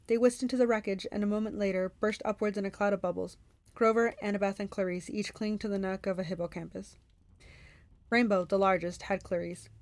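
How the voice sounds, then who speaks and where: A woman reading a novel aloud for a book club, in steady first-person narration. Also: mid-range voice, fairly quick, dry recording.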